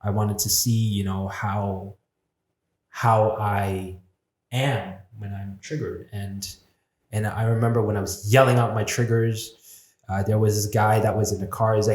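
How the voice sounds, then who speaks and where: A man with a lowish voice speaks candidly and reflectively, swearing freely as he tells a personal story. He acts out the voices in his own head. The sound has a roomy echo. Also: fairly even intonation, unhurried, darkish tone. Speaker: podcast guest.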